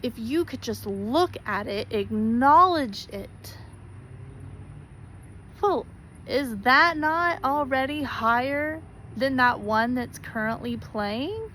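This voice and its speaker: A woman's voice: high voice, lively intonation, slow pace, pauses often, fairly bright tone, slight background noise, rough recording. A woman speaking straight to her viewers in an earnest, pleading way, repeating herself for emphasis. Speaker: spiritual vlogger. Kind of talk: heartfelt direct-to-camera talk.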